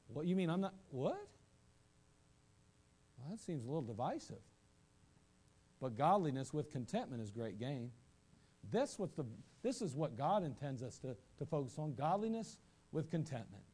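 A man preaching a sermon, animated, asking rhetorical questions and acting out quoted voices, at times rising to shouts. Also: a little high. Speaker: pastor.

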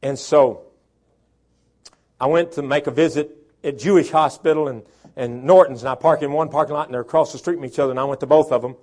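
A man preaching a sermon as pastor, dropping to quiet talk and rising to shouted preaching. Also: mid-range voice, fairly even intonation, fairly quick. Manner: swings from soft talk to shouted preaching, imitates a chainsaw.

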